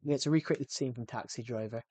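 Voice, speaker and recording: A man's voice: mid-range voice, fast, darkish tone, no room sound. A man chatting casually on a game livestream in a rambling, self-correcting way. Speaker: game streamer.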